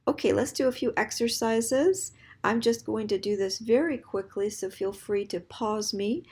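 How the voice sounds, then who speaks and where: A woman's voice: mid-range voice, normal speed, a little mellow, breathy edge. A woman teaching a recorded grammar lesson, patiently spelling out word endings letter by letter and counting to three before giving each answer. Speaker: French teacher.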